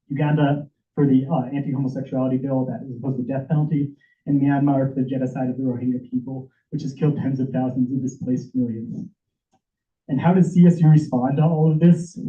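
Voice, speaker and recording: A man giving an impassioned, emotional prepared speech as a public commenter at a senate meeting, urgent and stumbling at times. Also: medium pitch. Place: meeting hall. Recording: echoey room over tinny phone-like audio.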